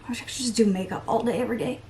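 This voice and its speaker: A woman's voice: fairly high pitch, very fast, mellow, a little hiss or hum. A woman chatting casually to her viewers while doing her makeup, rambling and poking fun at herself. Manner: rambling, self-mocking, breaks into playful voices and laughs. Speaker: beauty vlogger. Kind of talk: chatty get-ready-with-me vlog.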